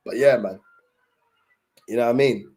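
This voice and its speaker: A man's voice: mid-range voice, moderate pace, dark tone. Streamer, young man, easygoing slangy chat to viewers. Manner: laid-back slang-heavy talk with many fillers. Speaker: livestream host. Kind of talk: casual livestream chat.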